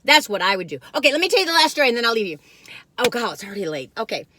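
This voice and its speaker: A woman's voice: fairly high pitch, big pitch swings, rapid-fire, bright, forceful tone, a little hiss or hum. An older woman, telling rambling folksy stories while reviewing food in a casual vlog. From Western North Carolina. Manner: rambling, folksy, many fillers and restarts. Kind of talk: casual chatty storytelling.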